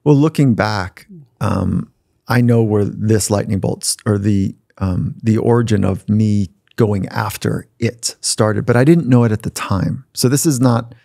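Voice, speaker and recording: A man with a low, gravelly voice and a mellow, dark tone, talking as a podcast guest. He tells his stories in a reflective, conversational way and slips into the voices of the people he quotes. The sound is dry and close to the mic. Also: a little slow, dry recording. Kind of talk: conversational storytelling. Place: podcast studio.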